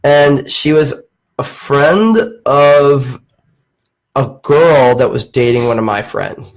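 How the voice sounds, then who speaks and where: A man's voice: medium pitch, slow pace, poor audio. A man hosting a casual podcast, telling a long story as a profane rant. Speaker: podcast host. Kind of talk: casual chat.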